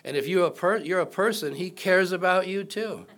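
A pastor with a high-pitched, slightly bright voice preaches at a normal pace. His sermon is conversational, full of questions for the congregation and jokes.

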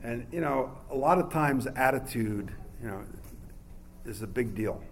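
Man preaching, conversational, mid-pitched voice, faint background hiss. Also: expressive, unhurried. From New York. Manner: conversational, with fillers and asides. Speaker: pastor. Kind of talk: sermon.

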